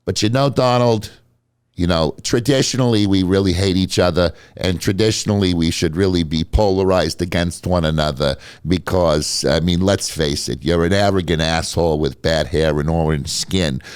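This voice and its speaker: A slow, deep-voiced male senator gushes praise in a mock-sincere way, as a man puts him on. The voice is dry and close, with no room sound. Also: clear, resonant tone, no echo, close to an everyday voice. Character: male senator giving a gushing compliment.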